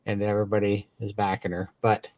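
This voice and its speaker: A man's voice: lowish voice, completely flat delivery, fairly quick, darkish tone, no room sound. A man co-hosting a casual livestream chat, talking with eager, grateful enthusiasm and rambling restarts. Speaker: podcast co-host.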